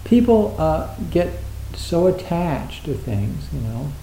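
A man's voice: a little high, big pitch swings, slow pace, vocal fry, mellow, reverberant, slight background noise, poor audio. A man giving a reflective, casual talk on Zen, hesitant and full of fillers, acting out little dialogues.

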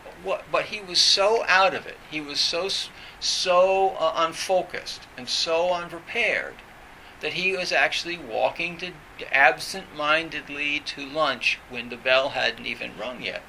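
A man's voice: a little high, unhurried, vocal fry, sharp tone, slight background noise, poor audio. A man teaching as a Zen teacher in an informal dharma talk, meandering with many restarts and "you know" fillers.

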